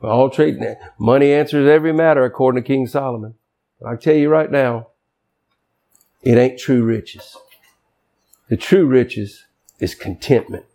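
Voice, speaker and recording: A man's voice: mid-range voice, moderate pace, gravelly, dark tone. A man preaching a sermon as pastor, emphatic and folksy, with casual, colloquial asides.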